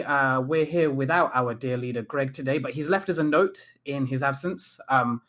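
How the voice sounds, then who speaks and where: A man's voice: medium pitch, normal speed, hardly any pauses, fairly bright tone, faint music behind. A man from Leicester, hosting a podcast in casual, laid-back and self-deprecating chat. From Leicester, England. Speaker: podcast host.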